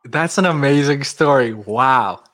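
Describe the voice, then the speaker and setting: A man's voice: mid-range voice, a little slow, a bit bright. A man hosting a casual podcast interview, reacting eagerly with short remarks. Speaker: podcast host.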